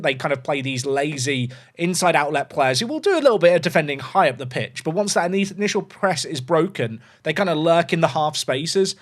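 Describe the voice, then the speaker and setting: A man's voice: on the high side, a bit bright. A man giving casual, analytical commentary on a football management game as he plays, chatty and a little self-deprecating. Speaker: gaming YouTuber.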